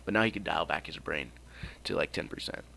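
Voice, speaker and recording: A man's voice: rumbling low, a little fast, creaky, bright, forceful tone, a little hiss or hum. A young man telling an improvised fan story in a rambling, casual way, swearing freely and joking along. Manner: rambling, swears freely, laughs at own jokes.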